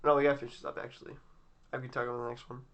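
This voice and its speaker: A man's voice: mid-range voice, flat delivery, very fast, a bit bright. A young man co-hosting a podcast, with laid-back, teasing banter and casual chat. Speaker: podcast co-host.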